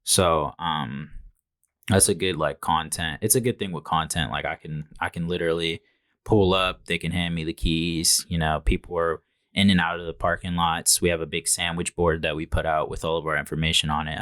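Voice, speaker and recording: A young man, a small business owner, guesting on a podcast and talking calmly with many filler words. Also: extremely low pitch, brisk, dry recording, clean studio sound. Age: young adult. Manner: calm, plain-spoken, many ums and likes. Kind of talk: casual interview.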